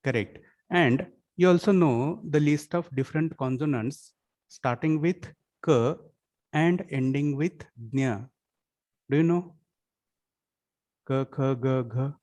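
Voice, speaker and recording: With an unhurried pace, a high-ish voice and a darkish tone, a man teaches a college class. He constantly checks whether students are following with "yes or no?" questions, and he explains in Marathi and Hindi as well.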